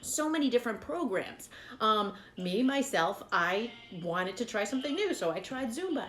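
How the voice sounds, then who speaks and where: A woman with a highish, sing-song voice speaks at normal speed in an echoey room. She's a fitness vlogger giving casual advice to camera, chatty and encouraging, with lots of fillers.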